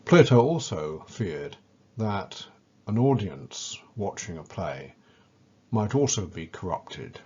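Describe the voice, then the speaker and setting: A man giving a measured, scripted lecture and leaning on key words as he explains ideas. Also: sits low, very animated, dark tone, husky, highs cut off.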